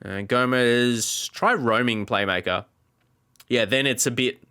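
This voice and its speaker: A man's voice: medium pitch, a little slow, sharp tone, clean tone. A man giving let's play commentary as a gaming YouTuber, often exasperated and talking back at the game.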